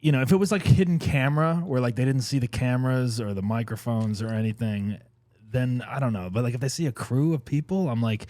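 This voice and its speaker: A man's voice: mid-range voice, brisk, no echo. A man hosting a podcast, chatting casually with his guest and responding with short, easygoing replies. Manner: relaxed, short agreeing replies. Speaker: podcast host. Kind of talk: casual interview chat.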